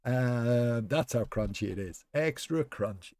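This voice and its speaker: Rambling man, lively pitch. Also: measured pace, no room sound. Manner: rambling, chatty, talks to chat members by name. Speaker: streamer. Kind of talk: casual live-stream chat while playing.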